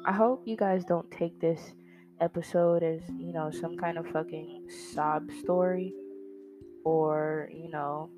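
A woman's voice: deep voice, steady tone, slow pace. A young woman hosting a podcast, talking in a rambling, candid confessional way with many fillers and some swearing into a microphone. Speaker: podcast host. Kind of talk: casual confessional monologue. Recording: dull lo-fi audio with faint guitar music.

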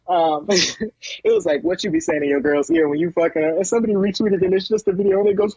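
A man co-hosting a podcast in casual chat, telling animated stories that jump into high comic voices. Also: fast talker, vocal fry, husky, no room sound, highs cut off. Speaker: podcast co-host.

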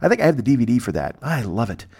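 Guy with a gravelly voice, talks fast, swears a lot and rambles off on tangents. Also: medium pitch, sing-song, warm tone. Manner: profane, tangential storytelling. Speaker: podcast host. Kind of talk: rambling comic monologue. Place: temporary setup away from home.

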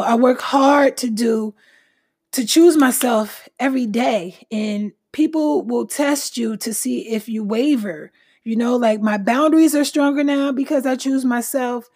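On her own podcast, a woman with a fairly high, slightly mellow voice gives blunt self-help advice in a casual monologue. She swears plenty, hits her points hard, and is clearly short of breath.

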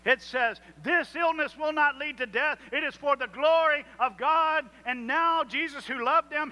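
A man's voice: very high voice, bright, forceful tone. A man preaching a sermon, rising into emphatic swells and acting out prayers in quotes. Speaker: pastor.

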